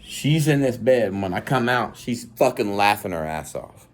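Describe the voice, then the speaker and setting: A man telling a comic personal story casually, profane and animated, acting out scenes as he goes. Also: on the low side, moderate pace, hardly any pauses.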